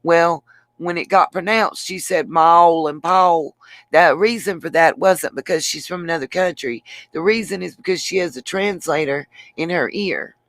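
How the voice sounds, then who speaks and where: A woman's voice: fairly low pitch, normal speed, no echo. A woman hosting her own channel, talking casually on a livestream, rambling and answering viewers by name. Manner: rambling, addresses viewers by name, frequent restarts. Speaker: channel host.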